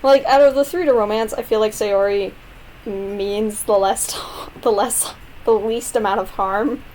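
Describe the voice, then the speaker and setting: Young woman, casual let's-play host, rambly and self-mocking, mid pitch, faint background noise. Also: fairly even intonation, unhurried, a little mellow, low-quality recording. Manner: rambling, self-deprecating asides. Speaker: gaming video creator. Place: home, late at night.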